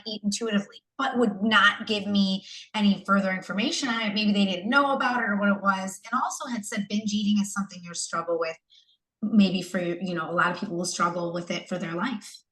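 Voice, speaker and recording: A pregnant young woman from the United States, in her third trimester, gives a candid video-call testimonial as a coaching client. She talks emotionally and rambles, with many fillers and restarts, in a medium-pitched, fairly bright voice. The sound is roomy and the recording rough.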